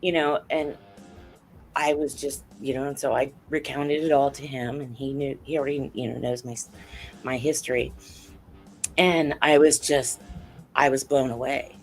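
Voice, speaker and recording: Woman interview guest, earnest and animated storyteller, faint music underneath. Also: very deep voice, moderate pace. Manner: animated, acts out quoted dialogue, earnest. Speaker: guest, author and UFO researcher.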